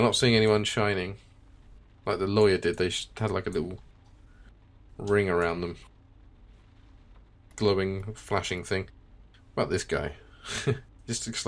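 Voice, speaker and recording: A man hosting a let's play, commenting on a game and reading its text aloud in a relaxed, musing way. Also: deep voice. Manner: relaxed, musing, chuckles now and then.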